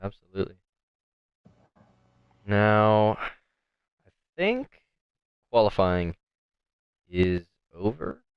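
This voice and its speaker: A man with a deep, smooth voice talks through an online sim race as play-by-play host. His delivery is casual and full of fillers, recorded dry and close with no room sound. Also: sing-song, very slow, long pauses, dry recording, muffled recording. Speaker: race commentator. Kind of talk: sim racing commentary.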